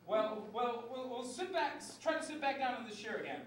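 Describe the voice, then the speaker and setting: A man's voice: extremely high pitch, lively intonation, fairly quick. A man working as a stage hypnotist, giving commanding, repetitive suggestions on a TV studio stage. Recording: roomy stage sound from a distant mic, with background noise.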